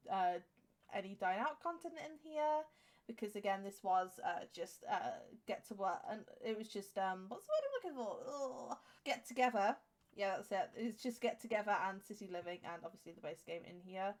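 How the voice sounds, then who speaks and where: A woman in her twenties with an English accent, giving rambling, chatty commentary over a game with many fillers and restarts. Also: medium pitch. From England. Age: 20s. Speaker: game streamer. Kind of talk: casual gameplay commentary.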